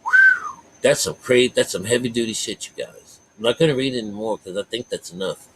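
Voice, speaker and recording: A man giving an informal spiritual talk, rambling with restarts and drawn-out pauses, then reading passages aloud slowly and earnestly. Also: on the low side, slightly rough, rough recording.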